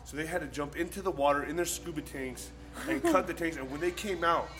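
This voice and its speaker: A man's voice: a little high, brisk, faint music behind. A young man telling a story in casual chat, acting out the people in it, swearing and laughing as he goes. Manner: animated, acts out voices, swears, laughs mid-story. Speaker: storyteller guest.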